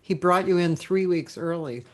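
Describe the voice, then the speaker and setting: A woman's voice: lowish voice, normal speed. A woman hosting a casual chat over a video call, chiming in with short, encouraging reactions. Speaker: host.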